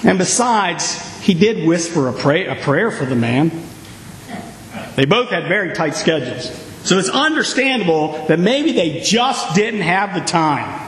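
A man preaching a sermon, telling the story with lively, acted-out reactions. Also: high voice, a little slow, a little hiss or hum. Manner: animated storytelling, acting out reactions. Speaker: pastor. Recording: echoey hall.

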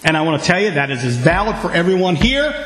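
A man with a high voice preaches to his congregation, calling for responses and bursting into sudden shouts. The sound is roomy and echoing off the walls of the church sanctuary. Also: sing-song, fast talker. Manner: preaching with call-and-response, sudden loud outbursts. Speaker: pastor. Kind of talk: sermon.

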